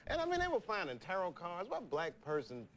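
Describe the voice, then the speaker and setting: A man's voice: high-pitched, wildly swooping pitch, brisk, fairly bright tone, a little hiss or hum. A young adult man, a comedian, telling loose anecdotes on a talk show and laughing at his own jokes. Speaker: comedian guest.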